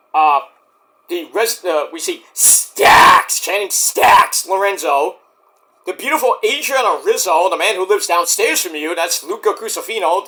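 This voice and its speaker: A man casually reviewing a wrestling show on his own, animated and excitable, breaking into high-pitched outbursts. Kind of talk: casual solo review vlog.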